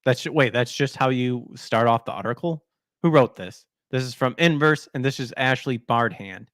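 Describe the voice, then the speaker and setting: A male podcast host rants about gaming news, mocking what he reads with blunt, crude sarcasm. His voice sits in a middle pitch, and the sound is close and dry, with no room echo. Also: normal speed, fairly bright tone. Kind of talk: ranting gaming news commentary.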